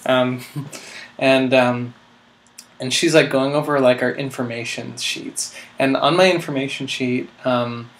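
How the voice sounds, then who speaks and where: A man's voice: mid-range voice, steady tone, a little slow, fairly bright tone. A man in his twenties telling a rambling, self-mocking comic story, full of filler words. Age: 20s. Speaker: vlog host.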